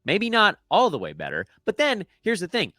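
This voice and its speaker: A man's voice: sits high, huge pitch swings, normal speed, sharp tone, dry recording, studio quality, soft background music. A man hosting a fantasy basketball show, talking casually on his own in a chatty, self-deprecating way with sing-song emphasis. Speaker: fantasy basketball podcast host. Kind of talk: casual solo sports talk.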